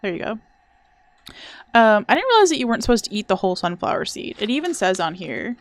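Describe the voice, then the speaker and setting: A woman's voice: medium pitch, very animated, fast, no room sound. A young adult woman streaming a video game, chatting casually in a rambling, self-deprecating way. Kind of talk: casual gameplay chat.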